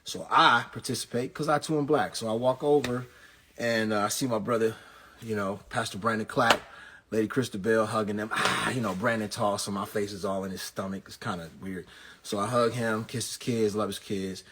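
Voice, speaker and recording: A pastor, recapping an event as a comedic story, full of quick jokes and asides. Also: male voice, fairly low pitch, slightly rough. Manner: animated, jokey, rapid asides and punchlines.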